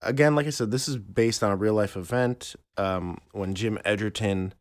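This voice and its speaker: Low-voiced man, hesitant casual chat. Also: no echo, studio quality. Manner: halting, many fillers and restarts. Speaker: podcast co-host. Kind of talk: casual chat about art history.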